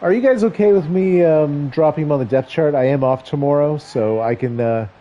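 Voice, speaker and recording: A man's voice: on the high side, brisk, muffled recording. A man streaming a football video game, giving casual play-by-play with wry, joking asides between stat rundowns.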